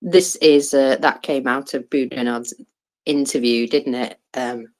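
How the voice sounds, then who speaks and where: Woman with a super low voice, lots of ums and restarts, dry sarcastic chat on an online audio call. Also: fairly even intonation, a little mellow. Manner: halting, full of fillers and restarts, dry sarcasm. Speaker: co-host commenting on war news. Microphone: Twitter Space audio.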